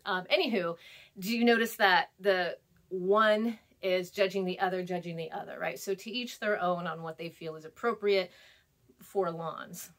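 A woman's voice: on the low side, moderate pace, fairly bright tone. Chatty woman teaching a reading lesson. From California, US. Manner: chatty, rambling with fillers and laughs; acts out quoted voices. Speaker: instructor. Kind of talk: recorded lecture.

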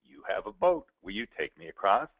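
A pleading young woman in love, as a male speaker puts her on speaks softly and earnestly. The lowish voice comes through a thin, phone-like recording. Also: big pitch swings, fairly quick. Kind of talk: storytelling voices in a talk. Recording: tinny narrow-band recording.

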